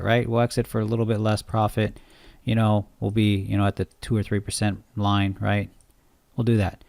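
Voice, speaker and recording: Man, low voice, dry close sound, rambling chart walkthrough, keeps asking "right?". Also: little pitch movement, moderate pace, gravelly, darkish tone, dry recording. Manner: rambling, self-interrupting, asks listeners "right?". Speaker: trading coach. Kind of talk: unscripted screen-share tutorial.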